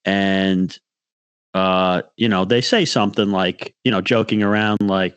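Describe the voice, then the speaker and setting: A man's voice: on the low side, steady tone, measured pace, smooth, dry recording. A man co-hosting a podcast, telling a rambling fishing story in casual chat and acting out what others said. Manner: rambling storyteller, restarts, acts out quotes. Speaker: podcast co-host.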